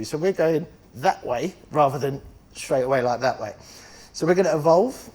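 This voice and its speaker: A blunt, energetic man in middle age addresses a room of members. His voice sits a little high for a man. He talks fast and informally, swears freely, and keeps checking in with "do you know what I mean". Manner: energetic, blunt, swears casually, chatty asides. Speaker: estate agency network founder speaking to members. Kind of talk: conference talk.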